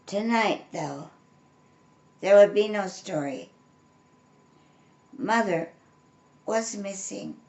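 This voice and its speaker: An older woman reading a storybook aloud, gentle and unhurried, with friendly asides to young listeners. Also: medium pitch, animated. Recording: roomy echo.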